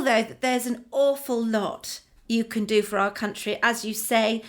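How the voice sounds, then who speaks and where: A woman hosting a comedic interview, gushing and flattering toward her guest. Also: fairly high pitch, a little slow. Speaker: host.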